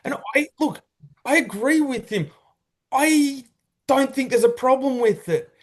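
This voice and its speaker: Aussie bloke, high voice for a man, blunt and sweary podcast co-host. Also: unhurried. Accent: Australian. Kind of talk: casual sports podcast banter.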